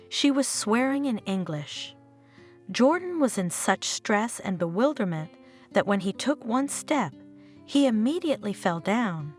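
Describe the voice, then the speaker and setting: A woman reading a dramatic story as narrator, with soft guitar music playing under her. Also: fairly high pitch, sing-song, a little slow. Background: faint guitar music.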